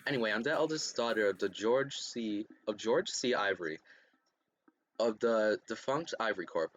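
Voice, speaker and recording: A man voicing a serious young woman student and team leader who speaks in a measured, formal way, with faint music behind. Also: on the low side, lively intonation, a bit bright, dull audio.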